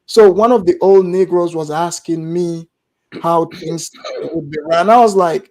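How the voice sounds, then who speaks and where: Gambian man telling an animated story. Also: sits high, normal speed, creaky. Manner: animated storytelling, acts out the voices of others. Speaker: guest storyteller. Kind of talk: casual chat, anecdote telling.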